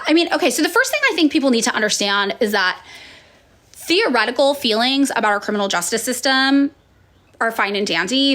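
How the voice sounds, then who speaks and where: A woman's voice: on the high side, a bit bright. A woman in her thirties, a political commentator, talking casually to viewers with frequent fillers and restarts. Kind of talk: casual chat answering viewers.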